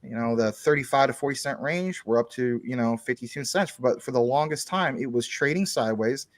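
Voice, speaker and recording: A man's voice: medium pitch, fairly quick, no echo, clean studio sound. A man talking as a guest on a casual chat show, explaining things at length through long everyday analogies.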